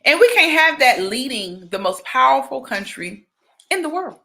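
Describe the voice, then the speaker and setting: Young woman, livestream host, bright and lively, talks straight to her viewers. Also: sits high, normal speed, creaky. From Georgia, US. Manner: chatty, animated, breaks into sung exclamations. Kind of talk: casual livestream chat.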